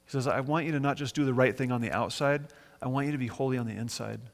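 Reading and unpacking scripture for his congregation, this pastor speaks quickly and enthusiastically in a medium-pitched, creaky voice, dramatizing quoted lines in a conversational way. The sound carries the feel of a big room.

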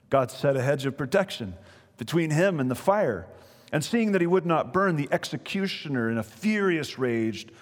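A man preaching as he retells a story, animated, speaking directly to his listeners. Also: mid-range voice, big-room sound. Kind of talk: sermon storytelling.

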